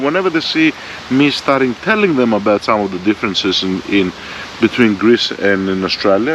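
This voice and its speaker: A motorbike vlogger in his forties, medium-pitched and a bit bright, talks a little fast while ranting bluntly and profanely in a rambling clip. He's captured outdoors on a bike-mounted front camera, with dull lo-fi sound and faint vehicle noise.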